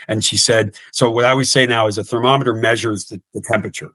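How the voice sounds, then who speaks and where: A man's voice: fairly low pitch, fairly even intonation, fast, hardly any pauses, a bit bright, dry recording. A man in his fifties talking earnestly in an interview, often repeating words and restarting sentences. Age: 50s. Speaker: guest coach. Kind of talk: podcast interview.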